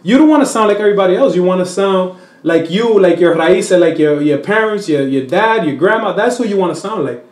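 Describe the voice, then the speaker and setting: He has a high voice and a brisk delivery, heard in a roomy space. This Dominican-born comedian is chatting casually as an interview guest, trading between English and Spanish and getting animated as he puts on voices in his stories.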